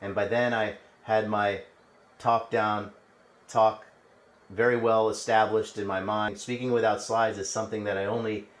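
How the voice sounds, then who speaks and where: A man with a fairly low voice recounts a story from his travels in a relaxed, chatty monologue. He restarts phrases and turns to the listener with asides. His voice sits a little back from the microphone. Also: moderate pace, recorded from a distance, rough recording. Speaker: host telling travel stories.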